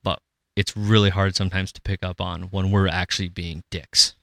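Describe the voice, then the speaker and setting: A man's voice: low voice, level tone, moderate pace, gravelly, sharp tone, no room sound. A man from Minnesota hosting a podcast in casual, rambling chat. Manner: rambling, restarts, acts out quoted voices. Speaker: podcast host.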